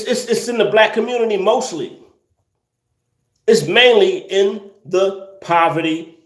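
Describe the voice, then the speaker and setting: A man's voice: fairly high pitch, reverberant. A man hosting a casual livestream, reading viewer comments and ranting with incredulous laughter and slang.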